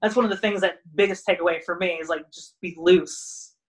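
A young man, a guest wrestler, rambling casually with lots of "like" and animated retellings of stories. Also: high voice, fairly quick, low-quality recording. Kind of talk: casual podcast chat.

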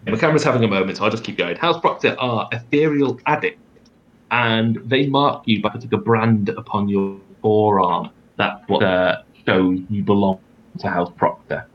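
A man's voice: on the low side, moderate pace, highs cut off. A man narrating as game master over a video call, with a wry, rambling delivery and plenty of fillers. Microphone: computer mic on a video call.

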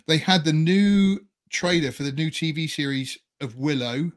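A man's voice: on the high side, normal speed. A man hosting a casual podcast chat, joking and laughing often. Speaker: podcast host.

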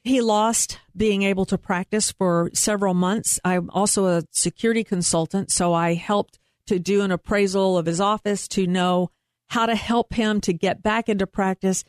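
A woman's voice: medium pitch, fairly even intonation, moderate pace, darkish tone, no echo, clean studio sound. A woman working as a private investigator, talking earnestly and emphatically as a guest in an interview. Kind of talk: interview conversation.

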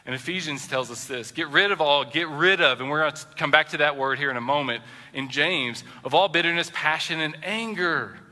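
A man preaching a sermon as a pastor, animated and acting out the voices he quotes. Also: a little high, brisk, hardly any pauses, in a large hall. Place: church sanctuary.

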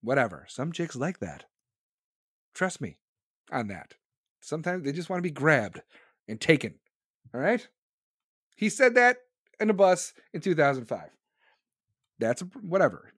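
A man's voice: a little high, sing-song, a little slow, long pauses, fairly bright tone, husky, no echo, clean studio sound. Crude, sarcastic political commentator man. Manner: crude, sarcastic and heavily profane.

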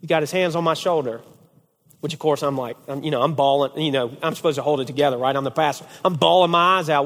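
A man preaching as a family pastor, his voice sitting a little high for a man. He tells stories in an animated way and keeps checking in with "okay?". His words carry with a long reverb through the church hall. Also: fast. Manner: animated storytelling, repeated "okay?". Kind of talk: sermon to a men's group.

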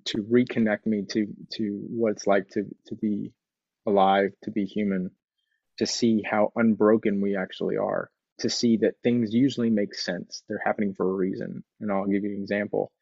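Earnest man, low voice, dry sound. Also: gravelly, a little mellow, slightly rough, no room sound, muffled recording. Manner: earnest, conversational, repeats phrases for emphasis. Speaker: speaker sharing recovery story. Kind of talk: motivational talk.

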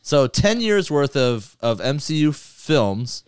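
A man hosting a casual movie podcast, talking loosely with swearing and rattling through a list fast. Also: medium pitch, big pitch swings, clean tone, no room sound, studio quality. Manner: loose, profane, reads lists quickly. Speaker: podcast host.

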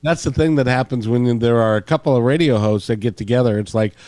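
A man's voice: mid-range voice, fast talker, darkish tone, no room sound. A man from Ireland hosting a radio interview, playful and joking with his guest. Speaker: radio host.

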